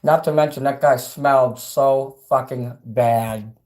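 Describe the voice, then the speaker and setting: A middle-aged man livestreaming and reading chat, ranting angrily and profanely, swinging between loud outbursts and quiet asides. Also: medium pitch, steady tone, measured pace. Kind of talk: angry livestream rant.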